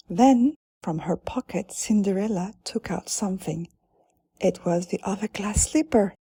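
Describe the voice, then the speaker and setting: A woman narrating a children's storybook in a calm, deliberate way. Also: mid-range voice, breathy edge, no room sound, studio quality.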